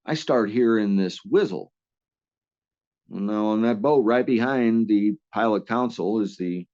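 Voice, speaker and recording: A man's voice: on the low side, a little mellow, muffled recording. Rambling, salty-mouthed man telling stories. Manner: rambling, lots of restarts and salty language. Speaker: interview guest. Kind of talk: casual storytelling.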